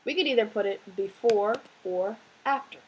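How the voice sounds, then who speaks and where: A woman's voice: mid-range voice, darkish tone, breathy edge, rough recording. A woman teaching a recorded language lesson, explaining step by step and checking in with "right?" as she goes. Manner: slow, patient explaining with frequent "right?" checks. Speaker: Spanish teacher.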